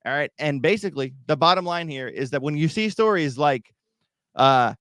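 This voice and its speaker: A man who hosts a crypto YouTube channel speaks during a livestream, talking casually and rambling to his viewers while often restarting and repeating himself. His voice is fairly high and fairly bright, with lively intonation and a normal speed. The studio-quality recording has no echo.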